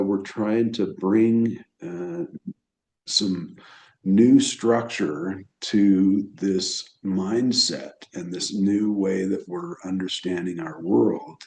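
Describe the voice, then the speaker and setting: Slow, deep-voiced reflective man. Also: a little mellow, poor audio. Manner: halting and reflective, many restarts. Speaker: evolutionary astrologer. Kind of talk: unscripted solo talk on astrology.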